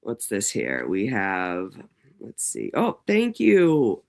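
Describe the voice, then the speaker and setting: A man's voice: on the high side, sing-song, takes it slowly, smooth. Profane rambling livestream host man. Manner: rambling and heavily profane, many fillers. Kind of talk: casual livestream monologue.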